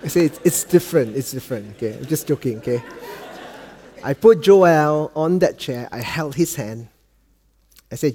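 Preaching in Malaysian-accented English, a middle-aged man from Malaysia shares a family story, lowering his voice gently for quotes. He throws in dad jokes, with lively intonation and a moderate pace.

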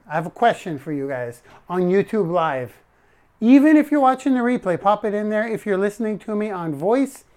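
A man's voice: a little high, darkish tone. A man live streaming a casual monologue, rambling and correcting himself as he talks to his chat.

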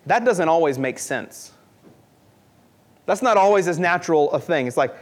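A man's voice: high voice, expressive, normal speed, pauses often. A young man preaching a sermon in an earnest, conversational way, often repeating himself for emphasis.

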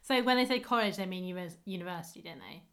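A woman's voice: lowish voice, very fast, a bit bright. A woman co-hosting a podcast, chatting casually with hesitant restarts. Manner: chatty, hesitant, laughing often. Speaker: podcast co-host. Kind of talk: casual chat recapping a sitcom.

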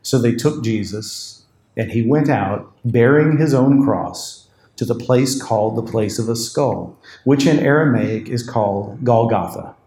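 A man's voice: mid-range voice, a little slow, dark tone, reverberant. A man preaching a sermon, telling the story with animation and voicing the people in the text. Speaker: pastor.

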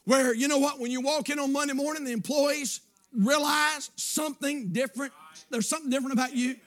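A male pastor preaching a sermon, building up with shouted, repeated lines. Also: extremely high pitch, fairly even intonation, fairly quick. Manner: preaching with shouted emphatic repetitions.

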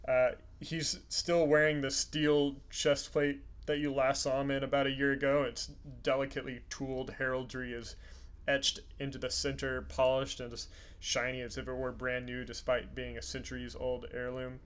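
A man running a tabletop game, narrating the scene in a calm, descriptive way with an occasional "uh". His voice is mid-pitched and unhurried. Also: clear, resonant tone. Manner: descriptive, relaxed, with frequent fillers. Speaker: game master.

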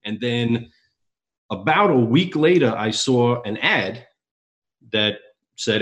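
A man, a guest on a podcast, telling a story in a relaxed, conversational way. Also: mid-range voice, takes it slowly, pauses often. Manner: relaxed, storytelling with quoted dialogue. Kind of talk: casual storytelling.

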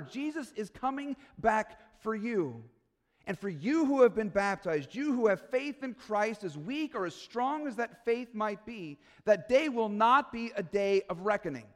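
Guy preaching in church, kinda high voice, long echo trailing off the walls, earnest and pleading. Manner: earnest, pleading, builds to emphatic peaks. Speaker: pastor. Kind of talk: sermon.

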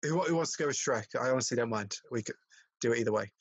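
A man's voice: mid-range voice, very fast, breathy edge, dry recording, poor audio. A man reading stage directions aloud on a podcast, often stumbling and restarting. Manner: stumbling, laughing read. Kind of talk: casual chat and reading aloud.

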